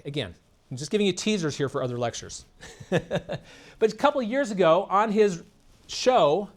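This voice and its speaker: A man delivering a keynote address in a convention meeting room, with a voice on the higher side for a man. He is combative and sarcastic, often quizzing the crowd. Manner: combative, sarcastic, asks the audience questions. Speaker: keynote speaker. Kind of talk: political keynote speech.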